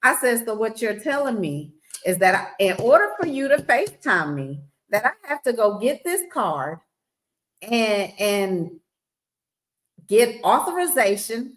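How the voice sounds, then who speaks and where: Animated, sassy woman telling a story. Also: on the high side, a little slow, low-quality recording. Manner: animated, acts out both sides of conversations; sassy, blunt. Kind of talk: casual storytelling chat.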